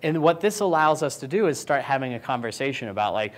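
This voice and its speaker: A man giving a casual, joking conference keynote. He now and then acts out clients and coworkers in quick, higher voices. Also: big pitch swings. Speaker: keynote speaker. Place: conference stage.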